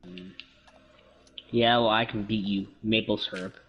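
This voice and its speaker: A man's voice: lowish voice, level tone, a little slow, dull audio, soft background music. A man from Canada in a casual gaming chat, joking, teasing and rambling.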